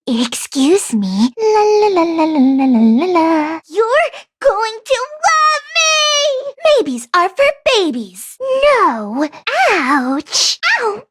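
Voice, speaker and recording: A woman's voice: very high voice, big pitch swings, very slow, a bit bright, full character voice. A woman voicing a hyper, giggly party pony mare who squeals and bounces, in game voice clips.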